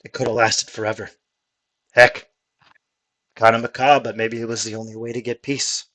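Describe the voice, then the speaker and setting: A man's voice: medium pitch, little pitch movement, moderate pace, pushed and bright, lightly acted. A man voicing a tipsy male human veteran who tells a rambling, folksy tall tale in a tabletop game. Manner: folksy, rambling storyteller drawl. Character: drunk male human veteran telling war stories.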